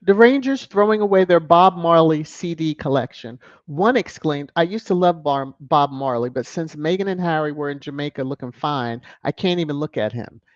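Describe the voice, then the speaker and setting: Sassy vlogger reading comments, laughs a lot, kinda muffled lo-fi audio, mid pitch. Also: lively intonation, normal speed, few pauses, no room sound. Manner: sassy, mocking, chuckles often. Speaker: royal news commentator on a video channel. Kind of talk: casual commentary reading headlines and viewer comments. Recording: dull lo-fi, dry close mic.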